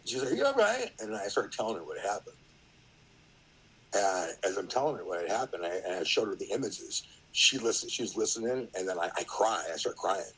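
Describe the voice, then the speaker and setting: Middle-aged man, husky, podcast guest, rambling casual storytelling. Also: sits low, fairly quick, a bit bright, low-quality recording. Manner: rambling, with many fillers and acted-out quotes.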